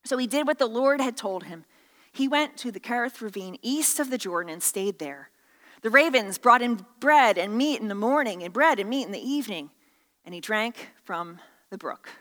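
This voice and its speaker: A woman's voice: on the high side, expressive, moderate pace, a bit bright, in a large hall. A woman pastor preaching a sermon with playful, jokey asides and many restarts.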